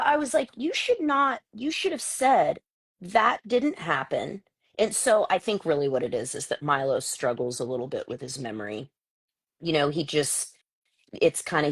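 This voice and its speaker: A woman hosting a casual live chat, telling an animated story about her son and acting out the voices of the people in it. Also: rumbling low, husky, no echo, rough recording. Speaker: host.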